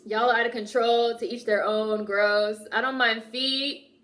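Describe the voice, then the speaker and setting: A woman's voice: a little high, fairly even intonation, measured pace, fairly bright tone. A woman streamer reacting to a film, chatting casually, laughing often and reading her chat aloud.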